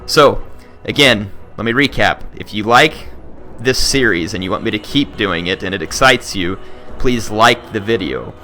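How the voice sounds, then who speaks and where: A man's voice: fairly low pitch, animated, moderate pace, hardly any pauses, sharp tone, soft background music. A man talking casually to his viewers as a gaming video host, earnest and rambling with frequent restarts. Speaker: gaming YouTuber.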